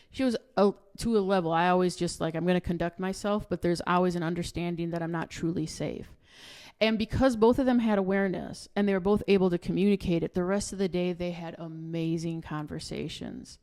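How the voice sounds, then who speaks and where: Lively middle-aged woman hosting a podcast. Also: on the low side, brisk. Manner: lively, acts out quoted voices in her stories. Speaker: podcast host. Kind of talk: animated storytelling in conversation.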